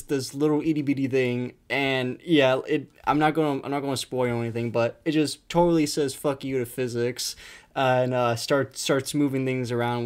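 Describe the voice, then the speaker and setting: A man's voice: medium pitch, smooth. A young man hosting his own video, talking casually about a cheap movie with lots of swearing, laughs and fillers. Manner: animated storytelling, frequent swearing and fillers. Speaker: video host reviewing a movie. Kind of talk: casual profane movie talk.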